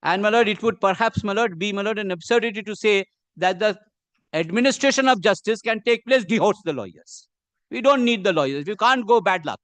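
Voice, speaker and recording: A man with an Indian English accent, arguing a case before a judge in measured, deferential courtroom speech. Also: sits high, a bit bright, no room sound. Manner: measured and deferential, says "my lord" constantly. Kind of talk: formal courtroom argument.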